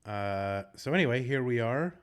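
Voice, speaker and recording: A man's voice: mid-range voice, animated, moderate pace, clean tone. Chatty man calling a game. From Boston. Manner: chatty, rambling, joking asides. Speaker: tournament commentator. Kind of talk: casual live game commentary.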